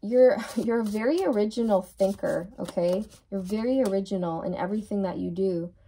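A woman's voice: mid-range voice, a little fast, dark tone. A woman giving a channeled tarot reading who speaks reassuringly and repeats words for emphasis. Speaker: tarot reader.

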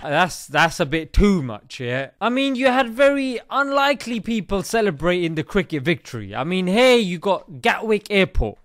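A man's voice: high-pitched, very animated, normal speed, few pauses. A man hosting a satirical comedy commentary, cheeky and jokey, calling everyone mate. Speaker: comedy host.

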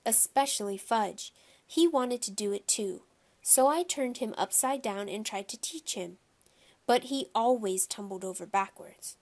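A woman narrating a children's audiobook in the first person, telling the story in a steady, clear way. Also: mid-range voice.

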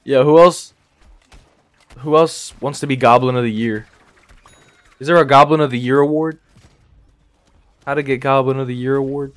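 In a dry recording, a young man streams gameplay live, speaking at normal speed with a steady, mid-pitched tone and long pauses. His chat is rambling and slangy, full of laughter and constant "bro."

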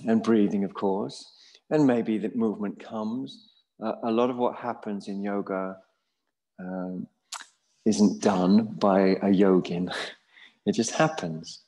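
A man teaching a yoga class in a Buddhist centre studio, relaxed and joking about himself as he guides the students. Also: lowish voice, takes it slowly, poor audio. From England. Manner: relaxed and jokey, self-mocking asides.

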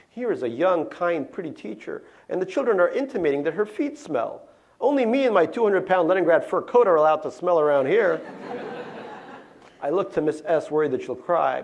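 A middle-aged man from Russia, an author, reading his memoir aloud in a lecture hall, with a wry, deadpan delivery and little spoken asides. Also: fairly high pitch, vocal fry.

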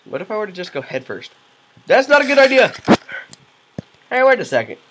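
A man doing goofy, excitable let's play commentary, yelling reactions and cracking self-mocking jokes. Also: high-pitched, fairly quick, background noise. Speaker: gaming commentator.

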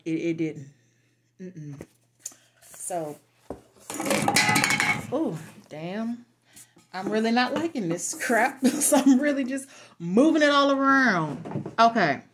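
A woman reviews products in an easy, unhurried way, her voice sitting a little high. She is blunt and frank, swears freely and laughs often as she talks. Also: slight background noise. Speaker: beauty and lifestyle vlogger. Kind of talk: casual product review chat.

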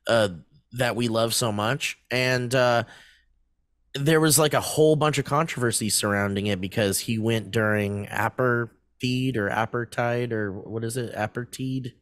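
A man's voice: mid-range voice, fairly even intonation, normal speed, fairly bright tone, dry recording. Rambling, swearing podcast guy. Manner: rambling, swears freely, laughs often. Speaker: podcast co-host. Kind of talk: casual chat.

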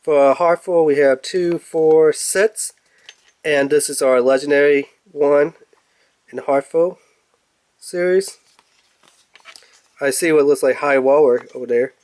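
A man's voice: a little high, measured pace, long pauses, darkish tone, dry recording. A young man casually reviewing toys, rambling and chatty and laughing at his own jokes. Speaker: toy reviewer.

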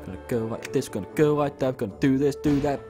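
A man's voice: mid-range voice, fast talker, over music. A young man casually commenting on a game he plays, reading its lines aloud with playful outbursts. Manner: chatty, reads game dialogue aloud with playful exclamations. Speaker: let's play host.

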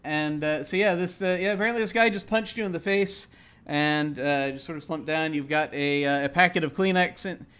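A man's voice: a little high, fairly bright tone, smooth. A man running a tabletop role-playing game, talking casually with many fillers and restarts. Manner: halting, many fillers and restarts, laughs often. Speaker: game master.

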